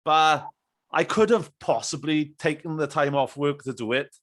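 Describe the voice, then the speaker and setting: Male host, upper register, relaxed chatty interviewer. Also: fairly high pitch, normal speed. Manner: chatty and reminiscing, laughs along. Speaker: podcast host. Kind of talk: casual interview chat.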